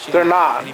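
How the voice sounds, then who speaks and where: A man's voice: high-pitched, poor audio. A young man casually telling a long story, rambling and swearing with lots of fillers. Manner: rambling, profane, many "like" fillers. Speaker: streamer.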